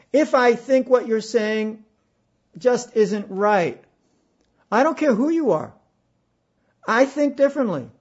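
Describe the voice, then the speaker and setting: Slow, high-voiced man giving a spiritual talk. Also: highs cut off. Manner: slow, halting, emphatic with pauses and repetitions. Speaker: spiritual speaker.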